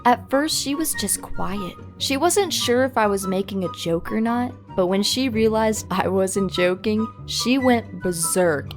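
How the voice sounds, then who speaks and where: A woman narrating a scripted first-person story in an even, steady delivery. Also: mid-range voice.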